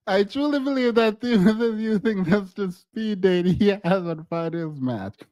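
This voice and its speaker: High-voiced man teasing a stream chat. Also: darkish tone, dry recording. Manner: playful, teasing, laughs often, repeats phrases. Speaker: livestream co-host. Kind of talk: casual livestream commentary.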